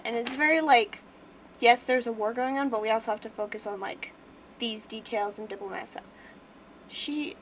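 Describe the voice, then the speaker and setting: A woman's voice: on the high side, slight background noise. A young woman casually chatting on a livestream, rambling with lots of fillers and restarts as she talks through a book. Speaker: livestream host. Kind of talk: casual book review chat.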